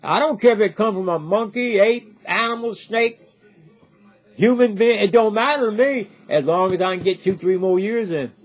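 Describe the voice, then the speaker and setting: A man's voice: high voice, moderate pace. An older man giving a rambling direct-to-camera talk, repeating himself and often asking "See?". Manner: repetitive, keeps asking "See?". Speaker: video commentator. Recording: dull lo-fi audio with faint music.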